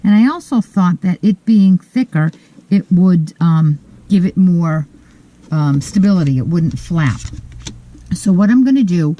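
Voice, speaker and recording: Speaking in a relaxed, methodical manner and stopping often to think, a low-voiced woman runs a card-making tutorial at her craft desk. The recording is rough.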